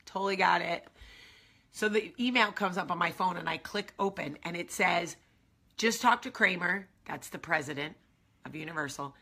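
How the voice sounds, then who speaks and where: Chatty woman vlogger rambling and excited, husky gravelly voice, kinda low. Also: moderate pace. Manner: excited, rambling storytelling with many asides. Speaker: vlog host. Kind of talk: casual chat to camera.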